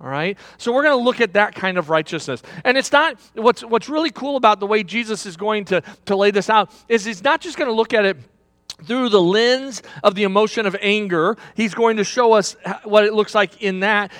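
A man's voice: sits high, a little fast, a bit bright, no echo. A man pastor preaching a conversational sermon, often repeating words and asking the congregation questions.

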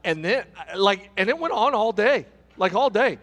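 A middle-aged man preaching a sermon as pastor, telling a story with lively repetition. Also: high voice, normal speed. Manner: animated storytelling, repeating words as he goes. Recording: long reverb of a large hall.

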